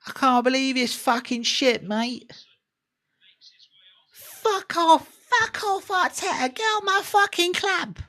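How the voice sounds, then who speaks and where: A man's voice: lively intonation, slow, sharp tone, full character voice. A Welsh man putting on a ranting cockney footie fan. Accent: mock London accent. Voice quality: high-pitched, strained, swearing. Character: angry cockney male Arsenal fan, sweary, ranting.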